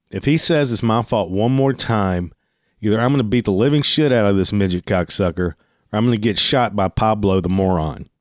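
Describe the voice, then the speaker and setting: Guy with a lowish voice telling a story, swears a lot, dry close sound. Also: a little mellow, dry recording. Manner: profane, heated, swears freely. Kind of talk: casual storytelling.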